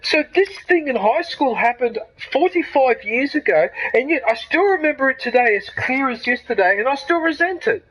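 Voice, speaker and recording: A man's voice: extremely high pitch, animated, moderate pace, few pauses, fairly bright tone, low-quality recording. A man, ranting heatedly and with lots of swearing during live gameplay commentary. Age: 50s. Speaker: gaming streamer.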